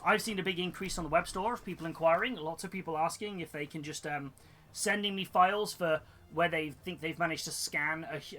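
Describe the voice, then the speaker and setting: A man's voice: on the high side, bright, forceful tone. A man chatting casually on a live hobby stream, rambling along with many fillers and restarts. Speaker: hobby streamer and model kit seller. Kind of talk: casual live-stream chat while building models.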